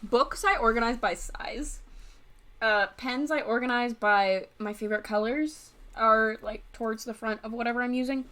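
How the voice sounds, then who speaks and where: A woman's voice: on the high side, moderate pace, a bit bright. A young woman co-hosting a podcast in casual chat, rambling and interrupting herself as she talks. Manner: rambling, self-interrupting, chatty. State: hiccuping. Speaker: podcast co-host.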